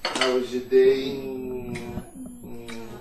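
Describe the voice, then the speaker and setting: An excitable Nigerian husband. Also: male voice, medium pitch, extremely slow. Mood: hungry, pleading. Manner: excitable, bursts into loud shouts. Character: excitable young husband, demanding. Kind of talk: film drama acting. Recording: film audio with music score.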